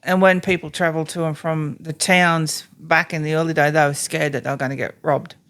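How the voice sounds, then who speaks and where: A woman's voice: low-pitched, fairly even intonation, brisk, fairly bright tone. A woman chatting as a podcast guest, hesitant and full of fillers. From Australia. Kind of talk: casual chat.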